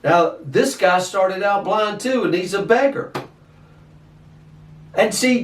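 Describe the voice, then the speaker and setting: A man preaching a sermon, animated and questioning, often repeating his words. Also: high voice, slow, a little hiss or hum. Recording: echoey, distant from mic.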